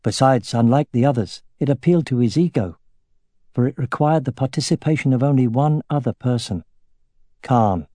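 A man narrating a fantasy audiobook in a measured, steady way. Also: mid-range voice, no echo, studio quality.

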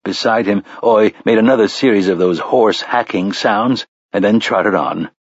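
Low, husky male audiobook narrator. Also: dry recording. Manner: measured storytelling. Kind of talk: scripted narration. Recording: slightly dull lo-fi recording.

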